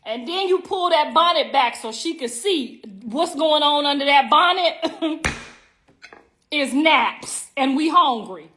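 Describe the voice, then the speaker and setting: Hosting a casual livestream chat from home on her phone, a middle-aged woman with a high, slightly bright voice gets brash, profane and teasing as she addresses her viewers directly. She speaks slowly but animatedly, stretching out words for emphasis, while dishes and cutlery clink faintly in the background.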